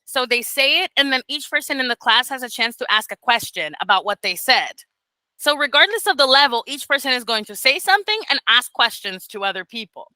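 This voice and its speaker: Woman mentor, animated, casual, a little high, dry sound. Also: fairly quick, no echo, rough recording. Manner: animated, laughs often, swears casually. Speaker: mentor for beginner English teachers. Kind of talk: casual teaching talk on a video call.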